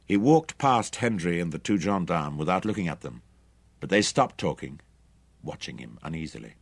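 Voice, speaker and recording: A man narrating an adventure audiobook in a dramatic, expressive reading. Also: deep voice, normal speed, vocal fry, breathy edge, no echo. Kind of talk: scripted narration.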